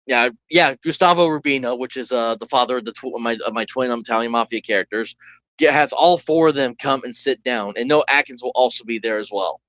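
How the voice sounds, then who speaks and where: A man's voice: medium pitch, fairly quick, fairly bright tone, no echo, muffled recording. Chatty man narrating a solo game. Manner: rambling, chatty, with restarts and asides. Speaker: solo tabletop game player and streamer.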